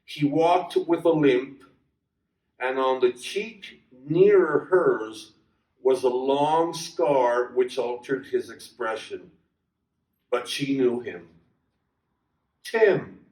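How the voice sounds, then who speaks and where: Slow-reading man in an echoey room. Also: mid-range voice, darkish tone. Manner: measured, deliberate. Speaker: reader at a reading circle. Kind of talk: reading a short story aloud. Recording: echoey room, distant mic.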